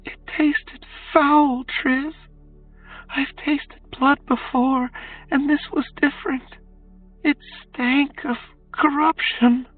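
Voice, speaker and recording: Woman playing a haunted young captive in an audiobook, slow and quiet, distant with faint music behind. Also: high voice, fairly even intonation. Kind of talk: audiobook character voice. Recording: distant tinny phone-like sound, faint music.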